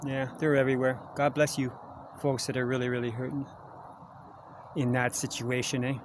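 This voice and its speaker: Man, chatty outdoor vlog, mid-pitched voice, camera at arm's length, clear outdoor noise behind. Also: flat delivery, moderate pace. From Canada. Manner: chatty, jokey, coaxing animals. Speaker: vlogger. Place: woods outdoors. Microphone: handheld camera at arm's length. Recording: outdoor noise, wildlife around. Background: outdoor ambience, animals.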